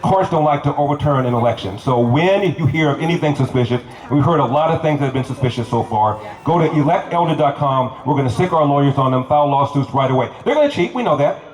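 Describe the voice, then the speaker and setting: A man's voice: fairly high pitch, lively intonation, fast talker, hardly any pauses, darkish tone. A man from Los Angeles speaking as a candidate at an outdoor rally, telling stories and hammering home short repeated lines. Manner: storytelling with punchy repeated lines. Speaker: political candidate. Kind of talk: outdoor campaign rally speech. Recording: echoey crowd recording. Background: crowd noise.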